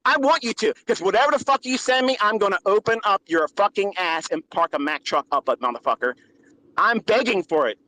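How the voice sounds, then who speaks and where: A man shouts taunts in a high, sharp voice, swearing at every turn. His speech is aggressive and goading. The audio is a played-back clip with a faint room hum behind it. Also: expressive, brisk. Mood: taunting. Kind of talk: profane angry outburst.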